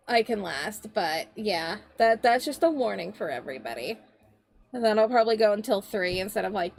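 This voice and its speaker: A woman's voice: medium pitch, creaky. A young woman streamer chatting casually to her viewers, chatty and a little scattered, with many fillers and restarts. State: tearful and laughing. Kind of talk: casual livestream chat.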